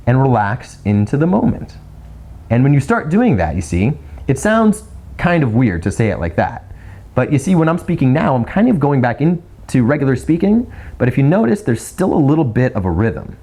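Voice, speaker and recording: A man hosting a video, giving casual advice on speaking clearly, chatty and full of restarts, sometimes slowing into a deliberate rhythmic delivery. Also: mid-range voice, big pitch swings, mellow. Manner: chatty, repeats words, demonstrates slow rhythmic delivery. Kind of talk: casual teaching monologue.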